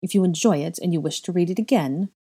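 A woman voicing a stern older librarian witch who speaks flatly and precisely, in a low, mellow voice. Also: fast talker, breathy edge. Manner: flat, precise, disapproving.

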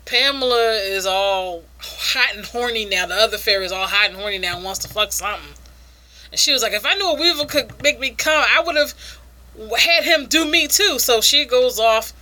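A woman's voice: mid-range voice, bright, forceful tone. A woman casually reviewing an adult comic, frank and crude, laughing often.

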